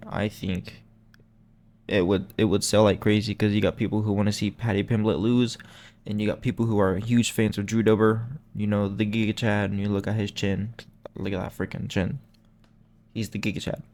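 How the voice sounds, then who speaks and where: A man's voice: fairly low pitch, darkish tone. A young man hosting a channel, talking in a casual, rambling way that is full of slang and self-corrections. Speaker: MMA channel host. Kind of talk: casual chat.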